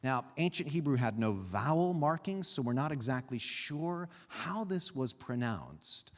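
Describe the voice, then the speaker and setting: A man preaching a sermon as a pastor, teaching in an animated way with pauses and emphasis. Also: medium pitch, long reverb tail. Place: church sanctuary.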